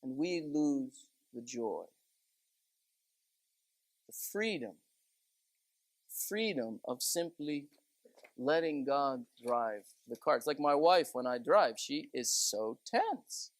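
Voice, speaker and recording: A man's voice: mid-range voice, expressive, slow, pauses often, no room sound. A man giving a chatty, conversational sermon full of stories and asides. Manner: folksy, chatty, many asides of "you know". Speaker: preacher.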